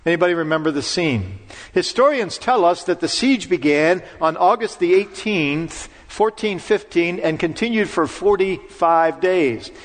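A man preaching in a church, his fairly high voice carrying through a hall with a long reverb. He moves between plain storytelling and dramatic, commanding recitation. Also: expressive, measured pace. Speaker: pastor. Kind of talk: sermon. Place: church sanctuary.

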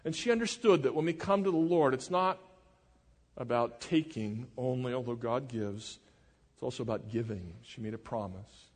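Man preaching a sermon, earnest and measured, mid-pitched voice, hall echo behind him. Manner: earnest, measured preaching with dramatic drops in volume. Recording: reverberant hall.

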